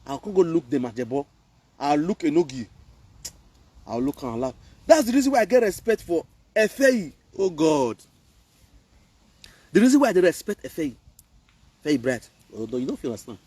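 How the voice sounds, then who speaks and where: A man's voice: fairly high pitch, big pitch swings, normal speed, long pauses, dark tone, slightly rough, dry recording, distant mic. A man from Benin, Nigeria, speaking Nigerian Pidgin English, who rants and scolds in a preachy live video commentary. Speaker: online commentator.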